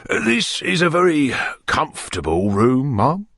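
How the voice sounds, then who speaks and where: A man voicing a pompous, amorous middle-aged parish beadle who woos in courtly, wheedling tones that sink to soft murmurs. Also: a little high, sing-song, measured pace, vocal fry, no echo, studio quality, pitched above the performer's own voice, full character voice. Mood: wooing.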